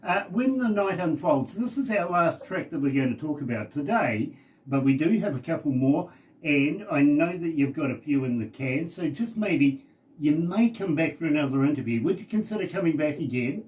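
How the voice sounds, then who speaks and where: A man's voice: fairly high pitch, animated, normal speed, a little mellow. A man from New Zealand hosting a radio interview, chatty and jokey, poking fun at himself. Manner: jokey, chatty, self-deprecating. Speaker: radio host.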